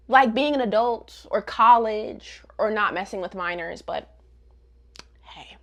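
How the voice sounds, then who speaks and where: A woman's voice: mid-range voice, measured pace, a bit bright. A woman giving a casual, sassy recap of a manga, full of slang and running commentary. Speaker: manga reviewer.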